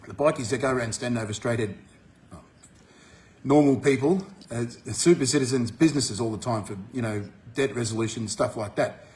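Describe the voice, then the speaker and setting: An Australian man talking bluntly to his viewers, swearing often and jumping up in pitch when he gets fired up. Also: brisk. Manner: forceful, swears freely, rises sharply when fired up. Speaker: vlogger. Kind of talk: blunt monologue to camera.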